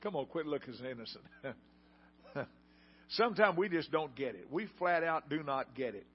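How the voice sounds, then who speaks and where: A man's voice: a little high, expressive, moderate pace, slightly rough. An older man preaching a sermon in a folksy storytelling way and putting questions to the congregation. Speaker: pastor. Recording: dull lo-fi sound.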